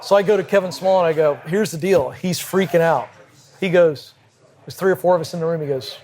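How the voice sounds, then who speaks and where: A man, a podcast guest, telling a vivid personal anecdote in brisk conversational style at a cigar lounge. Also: on the high side, darkish tone. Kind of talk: animated storytelling in conversation. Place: cigar lounge with a group present.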